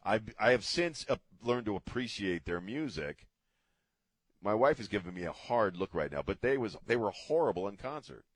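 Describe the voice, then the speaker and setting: A man's voice: fairly low pitch, animated, normal speed, dry recording. A middle-aged man hosting a casual talk radio show from a studio, rambling and joking off the cuff. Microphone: studio mic.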